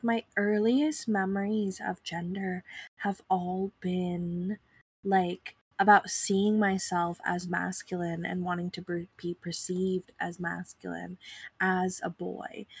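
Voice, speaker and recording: A young woman with a husky voice and a touch of vocal fry, chatting loosely and rambling as a podcast host. She sounds close and dry, recorded lying in bed at home with no room sound. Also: lowish voice, dry recording. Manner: rambling, self-deprecating, filler-heavy. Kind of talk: casual conversation.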